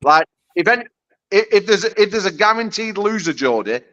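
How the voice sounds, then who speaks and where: A man's voice: high-pitched, lively intonation, brisk, bright, forceful tone, highs cut off. Brash, profane British man. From United Kingdom. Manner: brash, profane trash talk. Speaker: arm wrestler guest. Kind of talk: casual chat.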